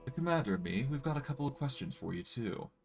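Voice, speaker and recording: A man's voice: mid-range voice, big pitch swings, fast, creaky, faint music behind, pitched above the performer's own voice. A man reading aloud the lines of a cocky, teasing mercenary woman in a game.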